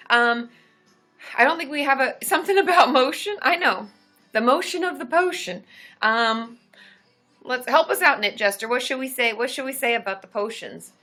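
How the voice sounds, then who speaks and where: A woman's voice: expressive, a little slow, pauses often, soft background music. A woman in her thirties chatting casually on a live stream, greeting viewers by name and still groggy from waking up. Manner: chatty, greets viewers by name, loud high whooping cheers. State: just woken up, voice still groggy. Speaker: therapist hosting a live stream.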